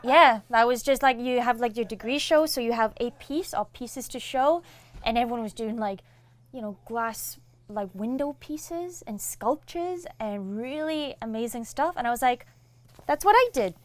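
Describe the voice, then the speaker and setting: A young woman with a fairly high voice talks at a normal speed. She's a comic artist chatting casually as an interview guest, telling stories with animation and acting out the people in them and their quoted lines.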